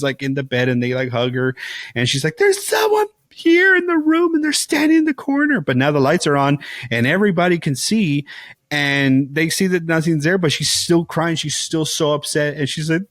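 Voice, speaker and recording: A man who is a father, co-hosting a podcast and retelling a film scene in casual chat, animated and full of restarts and filler words. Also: mid-range voice, no room sound, clean studio sound. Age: young adult to middle-aged, a father. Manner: animated storyteller, acts out characters' lines, many "like"s and restarts. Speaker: podcast co-host.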